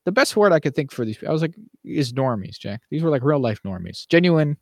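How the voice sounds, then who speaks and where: A man's voice: on the high side, lively intonation, brisk, no echo, studio quality. A man co-hosting a podcast in casual chat, ranting animatedly and mimicking people he quotes. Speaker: podcast co-host.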